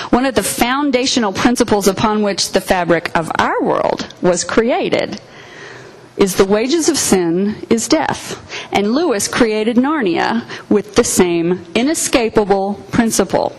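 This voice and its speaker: A woman giving a sermon, retelling and reading a story in an earnest, expressive way. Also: medium pitch, a little slow, low-quality recording. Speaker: preacher.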